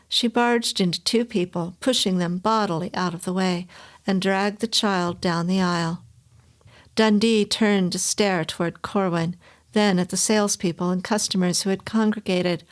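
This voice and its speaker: A woman reads a classic story aloud, steady and measured. Her voice sits at an ordinary middle pitch for a woman. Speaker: story reader. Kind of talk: audiobook reading.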